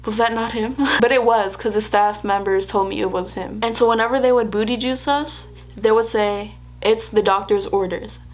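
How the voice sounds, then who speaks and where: A young woman vlogs to the camera, telling a personal story in a chatty, casual way. Her voice sits on the high side with a steady tone and a moderate pace, and she laughs often while acting out what people said.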